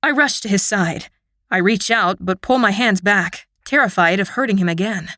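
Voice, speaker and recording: A woman reading a first-person fantasy audiobook with an expressive, emotional delivery. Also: mid-range voice, moderate pace. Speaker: audiobook narrator.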